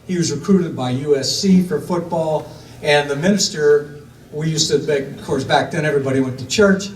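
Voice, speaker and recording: An older man from Ohio rambles loosely through a family story, full of fillers and doing little voices for the people he quotes. His voice is slightly high for a man, and he talks at a moderate pace. He sits away from the mic in an echoey room with faint background noise.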